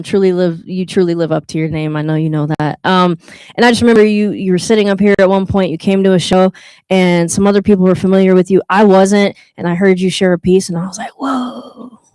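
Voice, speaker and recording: A woman's voice: mid-range voice, fairly even intonation, brisk, a little mellow, smooth, dry recording. A woman hosting a live open mic night, joking with the crowd and reading a poem, with a playful, teasing manner. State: out of breath. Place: live venue with an audience.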